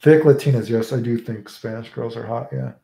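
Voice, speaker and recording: A man's voice: mid-range voice, steady tone, a little fast, vocal fry, dark tone, reverberant. A man with a Southern American accent, chatting casually with live viewers, rambling, swearing freely and tagging his lines with "right?". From United States. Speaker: livestreamer.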